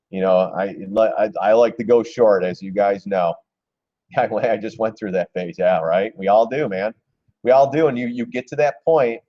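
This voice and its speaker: A middle-aged man doing casual live-stream market commentary, blunt and excitable, swearing casually and laughing often. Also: fairly low pitch, no echo, lo-fi sound. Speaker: stock trading live-streamer.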